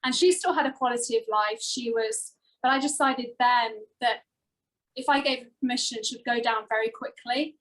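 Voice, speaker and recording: A woman co-hosting a talk show, telling a heartfelt personal story with many pauses and fillers. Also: on the high side, a bit bright, poor audio. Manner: earnest, emotional, rambling with many fillers.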